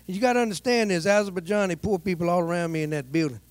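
A man preaching a sermon, telling a personal story in an animated way and acting out the people in it. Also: high voice, rapid-fire, hardly any pauses, dry recording. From United States. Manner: animated, voices the people in his stories.

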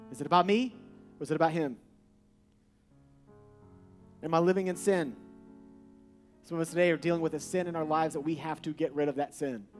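A man preaching a sermon, repeating short refrains and building to loud, emphatic peaks. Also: fairly high pitch. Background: soft guitar music.

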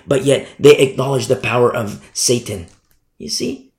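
A pastor delivers a sermon in a medium-pitched voice at a moderate pace, emphatic and repetitive, hammering key words and often asking his listeners "you see?" The recording has a roomy echo.

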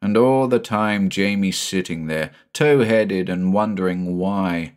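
A man narrating a horror short story in a measured, somber way. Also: low voice, a little mellow. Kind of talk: audiobook narration.

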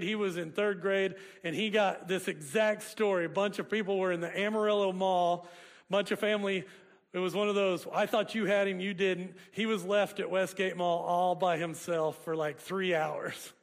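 High-voiced pastor in a reverberant hall. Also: male voice, steady tone, moderate pace. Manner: conversational, joking with the congregation. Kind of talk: sermon.

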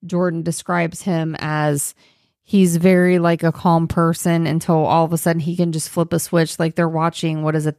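Chatty woman retelling scenes, slightly low voice. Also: darkish tone, clear, resonant tone, dry recording, studio quality. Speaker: podcast co-host. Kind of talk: casual movie review chat.

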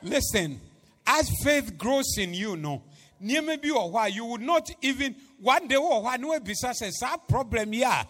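Preacher, slow fervent sermon, bright ringing voice with wide pitch swings. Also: male voice, lively intonation. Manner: loud swings from hushed to shouting, chanting repetition.

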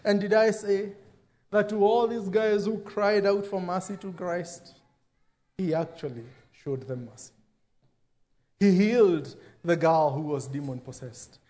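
A pastor preaching a sermon, dropping into quoted voices for emphasis. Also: male voice, high voice, a little slow, dark tone.

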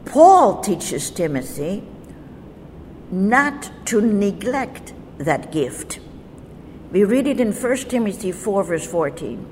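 Slow woman teaching scripture, long reverb. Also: mid-range voice, big pitch swings, darkish tone. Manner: measured, deliberate reading of verses. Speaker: Bible teacher. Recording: faint noise with long reverb.

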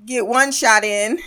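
A woman hosts a casual solo review podcast, her voice sitting a little on the high side. She talks sarcastically, laughs often and acts out the characters' lines as she goes. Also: bright, forceful tone. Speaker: podcast host.

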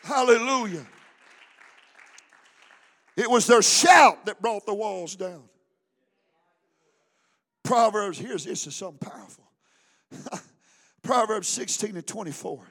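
Man, pastor, very high pitch, fervent call-and-response sermon. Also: expressive, takes it slowly, pauses often, fairly bright tone, a faint crowd. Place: church service.

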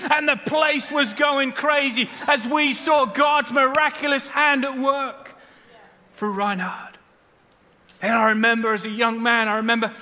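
A man, preaching a sermon and telling stories with loud bursts and hushed asides. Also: very high voice, long reverb tail. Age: 40s. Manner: animated storytelling, swings between loud bursts and hushed asides. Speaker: pastor. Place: large church hall.

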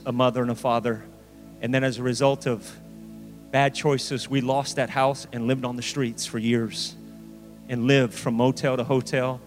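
A man preaching a sermon as pastor, with emphatic rises and slow dramatic phrases. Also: mid-range voice. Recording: reverberant hall with faint music.

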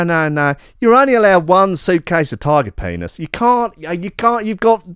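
Brief: man playing a blunt Aussie border officer, exasperated, voice pitched up high and lively. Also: clean tone, dry recording, studio quality. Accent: put-on Australian. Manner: exasperated, repeats no no no. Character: blunt Australian male border officer, scolding.

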